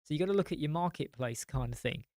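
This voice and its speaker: A man's voice: fairly high pitch, quick pace, darkish tone, no echo, clean studio sound. A man hosting a casual live stream, chatting freely and answering viewer comments, often thinking aloud with ums and asides.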